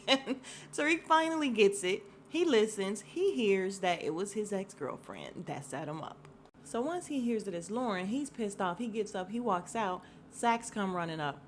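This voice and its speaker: A woman's voice: medium pitch, moderate pace. A woman hosting a podcast at home, casually recapping a TV episode and acting out the characters' lines with laughter. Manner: animated retelling that acts out the characters' lines, laughing often. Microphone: home mic. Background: faint neighbor's snowplow noise.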